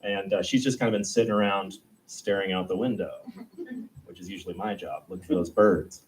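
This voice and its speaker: A young man doing a stand-up comedy set, rambling and self-deprecating, and breaking into quick, high-pitched voices for the characters in his stories. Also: steady tone, far from the mic, a little hiss or hum, poor audio. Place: comedy club stage.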